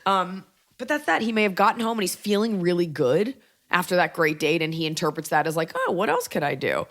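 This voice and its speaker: A woman's voice: on the low side, animated, fairly quick. A woman hosting a podcast, giving blunt, emphatic advice and acting out quoted lines. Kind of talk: casual advice chat.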